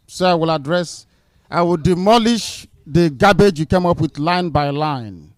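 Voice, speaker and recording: A man's voice: on the high side, animated, unhurried, studio quality. A man speaking at a town hall debate, firm and insistent, repeating short commands. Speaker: movement leader addressing a town hall.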